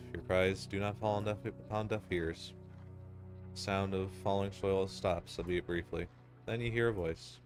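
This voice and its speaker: Low-voiced guy telling a creepy story to you, slow and grim, music playing under him. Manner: solemn, ominous and deliberate. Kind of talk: second-person dark story reading.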